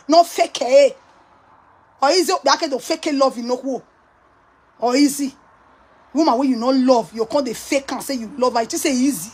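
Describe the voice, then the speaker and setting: A woman's voice: sits high, fairly quick, breathy edge. A woman with a Nigerian accent, ranting to her viewers in a mocking, scolding way and laughing often. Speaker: online commentator. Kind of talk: casual rant to viewers.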